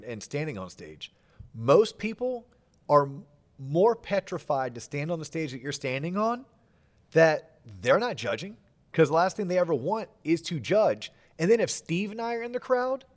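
Joking, animated male podcast host. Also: a little high. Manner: animated, joking, self-deprecating. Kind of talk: casual interview chat.

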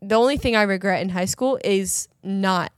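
A woman's voice: mid-range voice, moderate pace, smooth, no echo, studio quality. A woman co-hosting a podcast, talking earnestly and emphatically in casual faith chat, often repeating herself. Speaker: podcast co-host.

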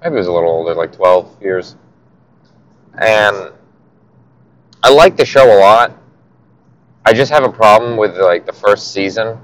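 A man's voice: fairly low pitch, a little hiss or hum, poor audio. A man hosting a casual podcast monologue, rambling and swearing offhandedly, recorded on a headphone mic in a car. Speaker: podcast host.

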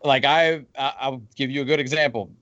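A man's voice: mid-range voice, steady tone, fairly quick, bright, forceful tone, no echo. Man venting in a lo-fi recording. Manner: venting, rambling with restarts. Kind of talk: casual gaming chat. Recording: dull lo-fi dry mic.

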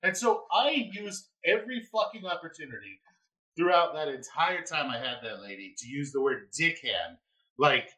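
Podcast host, male, bright lively voice, laughing storyteller, casual chat. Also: fairly high pitch, moderate pace, poor audio. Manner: animated, laughing, yells quoted lines. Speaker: former EMT.

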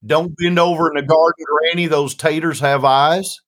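A man's voice: a little high, moderate pace. A man, a guest songwriter, telling stories in a casual podcast chat and laughing often. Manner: laughs often, lively storytelling.

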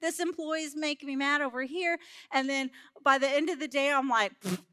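A woman delivers a sermon built on a personal story, candid and self-mocking with laughs along the way. Her voice sits high and rings bright. The sound is close and dry. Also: steady tone, moderate pace, no room sound. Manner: laughs between lines. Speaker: church speaker.

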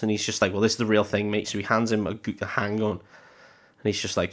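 A man's voice: lowish voice, level tone, fairly quick, a bit bright. A young man co-hosting a podcast, animatedly retelling a film and acting out its lines. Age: young adult. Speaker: podcast co-host. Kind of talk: casual film-recap chat.

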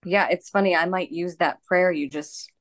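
A woman speaking as a guest over her phone in a casual talk, honest and quick to laugh lightly. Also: fairly low pitch, fairly even intonation. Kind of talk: casual conversation.

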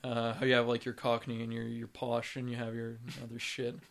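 A man's voice: medium pitch, completely flat delivery, fairly quick, gravelly, fairly bright tone, a little hiss or hum. Wry man co-hosting a podcast. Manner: wry, crude jokes, short replies. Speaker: podcast co-host. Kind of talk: casual podcast chat.

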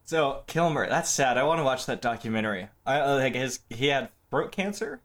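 Male co-host, mid-pitched, animated and jokey, casual film chat. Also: brisk. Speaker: podcast co-host.

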